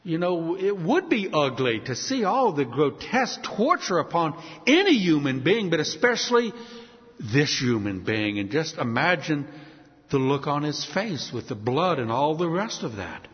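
A man preaching a sermon with emphatic, dramatic delivery and slow, stressed repetitions. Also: on the high side, sing-song. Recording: reverberant hall, dull lo-fi sound.

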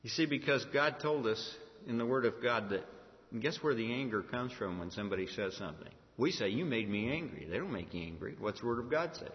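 A man's voice: mid-range voice, lively intonation, fairly quick. A man pastor delivering a sermon, preaching emphatically and asking the congregation rhetorical questions. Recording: echoey hall, dull lo-fi sound.

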